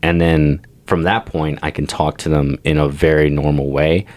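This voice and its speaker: Very low-pitched young man in a casual podcast chat, swears a lot, tells stories with big animated voices, loose and rambling. He sounds like a regular on the show, trading stories with his co-hosts. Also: moderate pace. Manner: crude, animated storyteller who swears freely. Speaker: podcast co-host.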